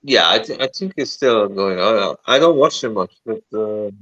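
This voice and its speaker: Man, guest, jokey bragger, lively swooping pitch, muffled lo-fi call audio. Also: moderate pace, dry recording. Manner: joking boasts, says "mate" a lot. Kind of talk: casual chat.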